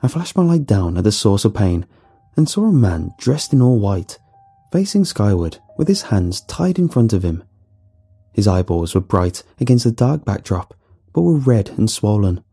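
A man reading a horror story aloud in a dramatic, animated way, with faint music behind. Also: on the low side, moderate pace, breathy edge. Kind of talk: scripted horror narration.

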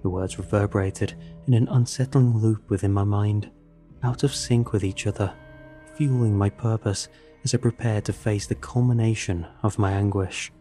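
A man reading a first-person horror story in a measured, dramatic way. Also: lowish voice, fairly even intonation, warm tone. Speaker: narrator. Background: faint background music.

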